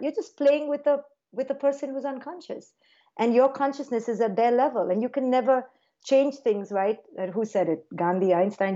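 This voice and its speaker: Woman, interview guest, animated, warm mellow tone, slightly dull lo-fi audio. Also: medium pitch. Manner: animated, acts out parent and child voices in quotes. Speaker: clinical psychologist guest. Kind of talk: conversational interview.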